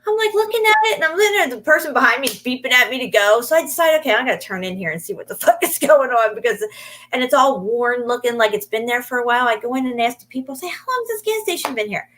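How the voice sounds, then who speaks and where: A woman co-hosting a casual talk show, telling animated stories with lots of swearing and laughter. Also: on the high side, fast, rough recording. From Alabama. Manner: animated storyteller, swears freely, laughs often. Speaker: podcast co-host. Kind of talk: casual chat.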